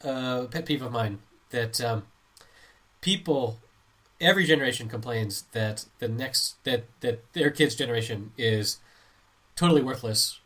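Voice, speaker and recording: Middle-aged male co-host, casual rambling chat, plain mid-range voice. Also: mid-range voice. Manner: relaxed, rambling, with restarts and laughs. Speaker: podcast co-host.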